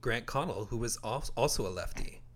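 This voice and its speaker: A man in his forties from Canada, co-hosting a casual podcast and calmly recounting facts. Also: mid-range voice, brisk. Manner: steady, informative, recounts facts. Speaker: podcast co-host. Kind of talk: casual chat.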